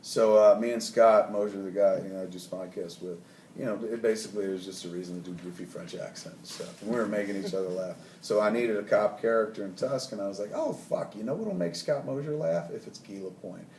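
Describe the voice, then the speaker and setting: A man's voice: fairly low pitch, fast, creaky, darkish tone, a little hiss or hum. A man in his forties, a filmmaker, giving rambling, laid-back and profane interview answers. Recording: roomy, mic at a distance.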